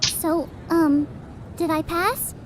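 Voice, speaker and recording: An actress playing a shy, timid young girl in a video game, speaking softly and apologetically. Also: very high-pitched, slow, a crowd in the background. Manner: soft, apologetic. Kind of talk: game voice acting.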